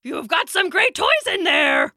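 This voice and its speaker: A woman's voice: very high-pitched, sing-song, unhurried, sharp tone, dry recording, clean studio sound, voice pushed up, heavily acted. A woman voicing a shaggy, one-eyed monster with a wide froggy mouth in a storybook, cheery and lip-smacking. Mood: friendly.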